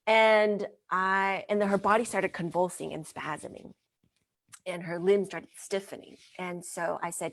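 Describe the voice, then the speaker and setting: A woman with a somewhat low voice tells a story in a gentle, earnest manner. She speaks as a guest in an interview and draws on her work as a mind-body wellness trainer. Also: unhurried, creaky.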